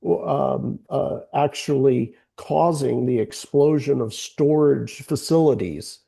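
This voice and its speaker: Gravelly, very dark-voiced man. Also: mid-range voice, slow pace. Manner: rambling, filler-heavy. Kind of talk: casual panel conversation.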